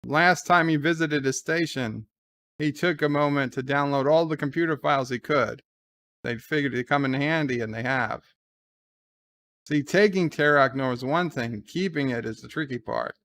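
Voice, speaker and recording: A man's voice: fairly high pitch, normal speed, a bit bright. Guy hosting a live watch-along, retelling scenes loosely, lots of "he's like", answering chat. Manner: reads out and answers viewer chat. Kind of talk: casual live episode commentary.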